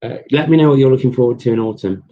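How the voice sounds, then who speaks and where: A man's voice: mid-range voice, very fast, slight background noise. A young man hosting a casual live chat with viewers, rambling and chatty with lots of ums and restarts. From England. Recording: dull lo-fi live-stream audio.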